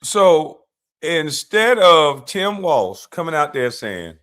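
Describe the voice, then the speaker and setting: Guy ranting on his stream, pretty high voice that jumps all over, mocking and arguing with a clip. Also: very animated, slow pace, sharp tone. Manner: combative, mocking, talks back to clips. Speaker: livestream commentator. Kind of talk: heated political commentary livestream.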